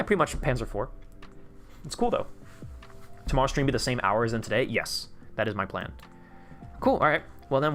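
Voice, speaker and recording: A young man hosting a live stream, chatting casually and getting excited as he reacts to what he sees. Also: mid-range voice. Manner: excitable, chatty, reads chat aloud. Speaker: livestream host. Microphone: desk microphone.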